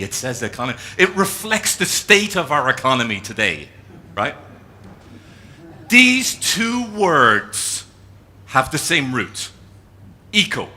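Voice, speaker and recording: Lively Irish man giving a keynote. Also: fairly high pitch, slight background noise. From Ireland. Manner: animated storyteller, drawing as he speaks. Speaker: keynote speaker. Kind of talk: live talk to an audience. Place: conference room with an audience.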